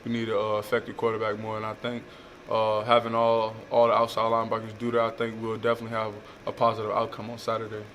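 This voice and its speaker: A man's voice: on the low side, highs cut off, background noise. A young man, a college football player, answering reporters' questions with many fillers. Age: young adult. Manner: halting, many uh fillers, flat delivery. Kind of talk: press conference answers.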